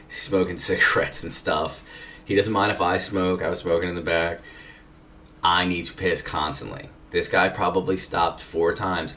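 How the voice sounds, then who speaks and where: A man's voice: low-pitched, pushed and bright. A man casually telling a rambling, profane personal anecdote in a laid-back way, recorded from a distance with faint background noise. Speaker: storyteller.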